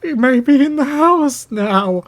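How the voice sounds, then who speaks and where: A man's voice: high-pitched, moderate pace, creaky, darkish tone, husky, voice pushed up, full character voice. A man reading an audiobook, voicing an anxious, pale male cabman.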